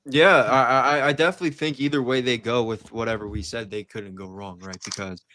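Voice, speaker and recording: A man's voice: medium pitch, steady tone, brisk, bright, forceful tone, slight background noise. A man co-hosting a casual podcast, hesitant and often trailing into "I don't know". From USA. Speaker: co-host. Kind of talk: casual wrestling podcast chat.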